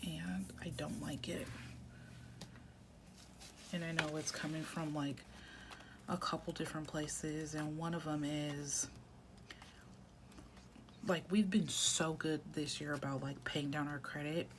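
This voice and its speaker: A woman in her thirties with a lowish voice, talking in a soft, half-whispered way as she chats through her journaling. She rambles easily with plenty of filler words. A steady hiss of background noise sits under the recording. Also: slow, long pauses. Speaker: planner vlogger. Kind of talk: casual chat while journaling.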